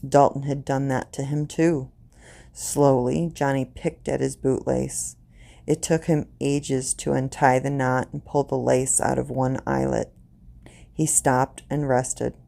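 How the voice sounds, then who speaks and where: Brief: woman storyteller, deliberate grim reading, mellow dark tone with fry. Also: very deep voice. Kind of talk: reading a short story aloud.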